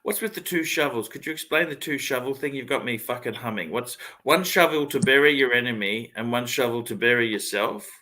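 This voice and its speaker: Aussie guy on a livestream, swears constantly, bright forceful voice, blunt chatty. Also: medium pitch, a little fast, few pauses. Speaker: livestream host. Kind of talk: casual chat.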